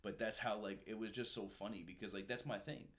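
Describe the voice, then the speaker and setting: A low-pitched male podcast host talks in a loose, casual way. He tells his stories with animation and swears freely as he goes. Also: steady tone, brisk, fairly bright tone. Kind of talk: casual interview chat.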